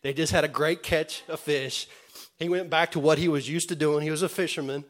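A man preaching a sermon in an earnest way, with many restarts, moving from loud calls to the congregation to quiet retelling. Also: on the high side, steady tone, a little fast. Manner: earnest, swings from loud calls to soft storytelling; stammering restarts.

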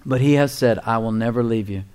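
A man in the middle of a conversational sermon, speaking at an average pitch. He teaches like a pastor addressing his Bible school students, rising sharply on the words he wants to stress and chuckling now and then. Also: fairly quick, smooth. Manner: animated, emphatic, chuckles at his own points.

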